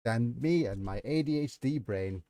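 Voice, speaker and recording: Reading from his own fantasy novel on a livestream, this author and streamer with a Nigerian accent keeps stopping to comment and chuckle at himself. His warm, mid-range voice is expressive and moderately paced, with no room sound.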